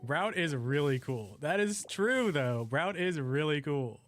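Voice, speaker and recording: A young man streams a game, rambling casually and chatting with his viewers as he plays. His voice is fairly high with lively intonation and a measured pace, and soft music plays in the background.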